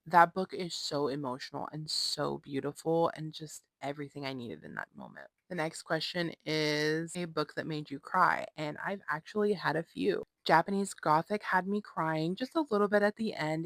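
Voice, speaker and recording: A woman's voice: lowish voice, gravelly, fairly bright tone, no room sound. A woman in her twenties, a book vlogger, chatting casually and gushing, with lots of fillers. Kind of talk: casual chat.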